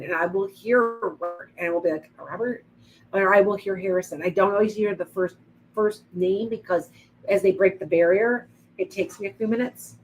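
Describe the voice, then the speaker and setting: On a rough recording with a little background noise, a middle-aged woman of medium pitch gives rambling psychic readings over a live stream. As a psychic medium, she greets viewers by name along the way.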